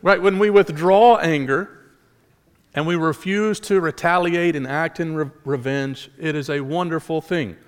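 A man's voice: fairly high pitch, unhurried, smooth, big-room sound. A male pastor delivering a sermon in an earnest style, asking rhetorical questions and restarting phrases as he goes.

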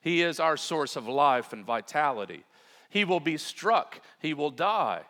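A man's voice: a little high, very animated, measured pace, pushed and bright, in a large hall. A man preaching a sermon in an earnest, emphatic way, often turning to talk straight to his congregation. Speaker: pastor.

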